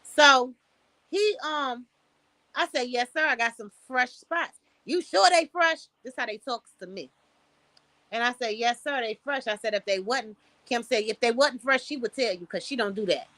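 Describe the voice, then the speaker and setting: Blunt, bright-voiced woman streamer. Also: fairly high pitch, normal speed, no room sound. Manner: blunt, profane, preachy advice with storytelling. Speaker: livestream host. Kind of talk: casual livestream talk. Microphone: streaming setup, close mic.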